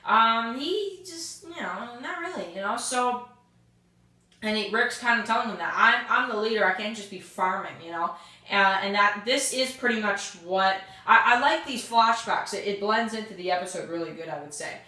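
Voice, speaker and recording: A woman's voice: medium pitch, sharp tone. A woman recapping and reviewing a TV episode in a loose, rambling way, full of fillers, and briefly acting out characters' lines. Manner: acts out characters' lines in quick asides. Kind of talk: casual spoken recap and review. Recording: very echoey room.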